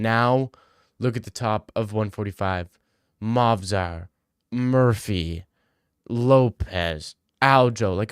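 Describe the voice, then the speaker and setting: A man's voice: on the low side, clean tone, no echo, clean studio sound. A young man hosting a casual livestream. He reads out viewers' questions and answers in a joking, slang-heavy way. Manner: slangy, joking, reads chat questions aloud then riffs. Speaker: livestream host answering chat.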